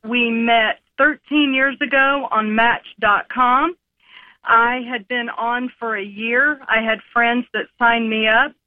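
A woman's voice: on the high side, steady tone, slow, no room sound. A woman in her fifties calling into a radio show and telling a story in a plain manner. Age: 50s. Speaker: caller. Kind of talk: phone-in call. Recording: tinny phone line.

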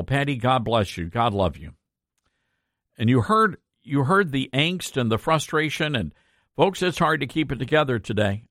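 A man's voice: medium pitch, fairly bright tone, dry recording, clean studio sound. A man hosting a talk radio show, earnest and impassioned, often repeating himself for emphasis.

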